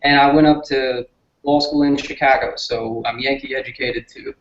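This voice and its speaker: Southern man, interview guest, earnest and low-key; echoey, muffled recording. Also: fairly even intonation, normal speed. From southern United States. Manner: earnest, toned-down delivery. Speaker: guest, political candidate. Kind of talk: casual interview talk. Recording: roomy, dull lo-fi sound.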